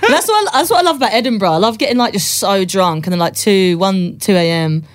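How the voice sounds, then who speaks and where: A woman's voice: mid-range voice, animated, no echo. Female comic guest, casual and crude, dry close sound. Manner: crude, laid-back, quick to agree. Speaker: comedian and podcast guest. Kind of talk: casual banter.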